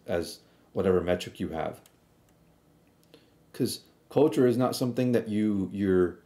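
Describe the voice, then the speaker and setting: Blunt, mellow-voiced man reacting. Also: lowish voice. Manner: blunt, argumentative, rambling with restarts. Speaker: streamer reacting to a video. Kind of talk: casual reaction commentary.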